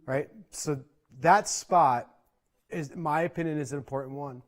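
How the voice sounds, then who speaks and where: A man teaching percussion in an online clinic, explaining in a relaxed conversational way and often checking in with "right?". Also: on the high side, normal speed, faint music behind. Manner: conversational, frequent "right?" check-ins and fillers. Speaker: percussion instructor.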